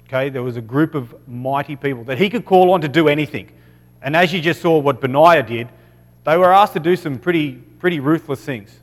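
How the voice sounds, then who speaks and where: Australian man, Bible talk, slightly high voice, casual, lots of self-corrections, long hall reverb. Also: fairly quick. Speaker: preacher.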